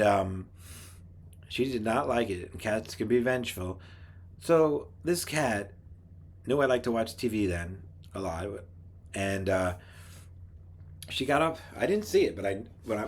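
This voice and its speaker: A middle-aged man telling rambling personal stories in a casual monologue, with frequent restarts. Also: fairly low pitch. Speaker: podcast host.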